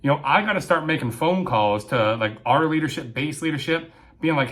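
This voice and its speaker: A young man telling a story about his time in the military, chatty and animated, tagging his sentences with quick asides. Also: a little high. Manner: animated, with frequent "right?" and "okay?" tags. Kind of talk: casual storytelling.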